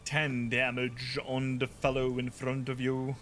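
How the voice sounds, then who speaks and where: A man running a tabletop game as game master, chatty and quick to laugh, often making sound effects. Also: mid-range voice, completely flat delivery, a bit bright, faint music behind.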